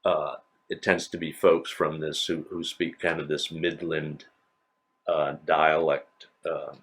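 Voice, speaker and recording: A man's voice: very deep voice, flat delivery, slow, fairly bright tone. An older man from New England with a slight New England accent, giving a rambling university lecture full of fillers and restarts. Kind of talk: recorded classroom lecture.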